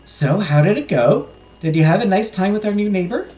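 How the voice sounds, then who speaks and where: A man's voice: high-pitched, expressive, fairly quick, dark tone, echoey room, soft background music, voice pushed up. A man voicing a sly, mocking young adult sister who teases her sibling. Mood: teasing. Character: teasing young adult sister with a biting grin.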